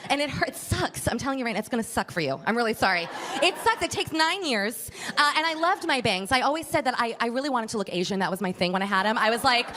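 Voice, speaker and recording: A woman's voice: a little high, lively intonation, fast, noisy background. A woman from Miami doing stand-up comedy, chatty and gossipy, teasing the crowd and laughing often mid-line. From Miami, USA.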